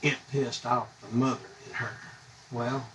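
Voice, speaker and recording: A man's voice: medium pitch, fairly even intonation, measured pace, fairly bright tone, far from the mic, low-quality recording. A man from the United States, ranting bluntly and indignantly on a live stream, rambling from one grievance to the next. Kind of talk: angry live-stream rant. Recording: voice a bit off-mic, faint background hum.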